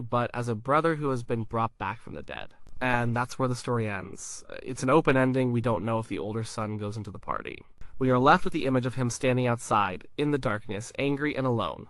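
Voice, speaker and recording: A man giving a scripted Bible teaching in a measured, emphatic way, with deliberate pauses. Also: medium pitch, fairly bright tone, no echo. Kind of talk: scripted narration.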